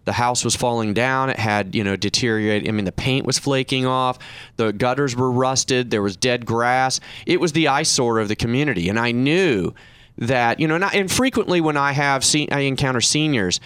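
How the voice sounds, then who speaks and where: A middle-aged man hosting a talk show, telling a story in a casual, animated way, his voice rising when he quotes other people. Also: moderate pace, clean tone, no echo. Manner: animated anecdote, raising pitch when quoting others. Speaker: radio show host and reverse mortgage professional.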